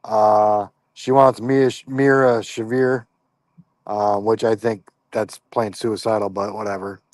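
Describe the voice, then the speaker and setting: A man's voice: on the low side, level tone, takes it slowly, darkish tone, no room sound. A man co-hosting a wrestling podcast, recapping a show in a laid-back, hesitant way. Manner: easygoing, hesitant, lots of ums and fair enoughs. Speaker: podcast co-host.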